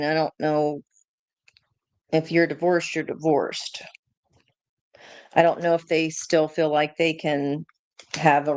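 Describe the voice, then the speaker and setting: A woman's voice: deep voice, smooth, no echo. A woman doing a live tarot reading, thinking aloud in a chatty way, laughing often and swearing casually. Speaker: tarot reader.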